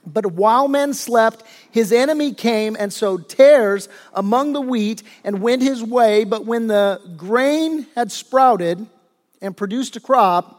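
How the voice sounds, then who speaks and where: High-voiced pastor in an echoing hall. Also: male voice, takes it slowly. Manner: conversational, retells scripture with casual asides. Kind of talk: sermon. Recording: long reverb of a large hall.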